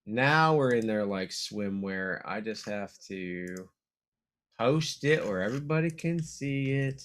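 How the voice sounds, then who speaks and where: A man's voice: fairly low pitch, expressive, slow pace. A man co-hosting a podcast in casual comedic chat, rambling and laughing often. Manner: goofy, rambling, laughs a lot. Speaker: podcast co-host.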